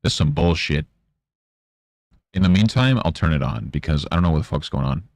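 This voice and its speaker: A man's voice: a bass voice, animated, brisk, darkish tone, dry recording. A man streaming, grumbling, swearing and muttering to himself about his setup. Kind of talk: casual livestream chatter.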